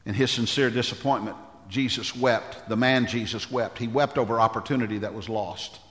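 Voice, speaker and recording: A man's voice: medium pitch, steady tone, normal speed, a bit bright. Male pastor preaching in a reverberant hall. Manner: emphatic preaching with repeated phrases; calls on the congregation for amens. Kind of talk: sermon.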